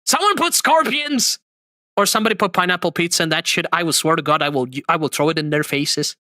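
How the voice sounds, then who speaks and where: A man hosting a livestream, reacting to clips with expressive, mock-outraged chatter. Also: on the high side, very fast, no echo. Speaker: streamer host.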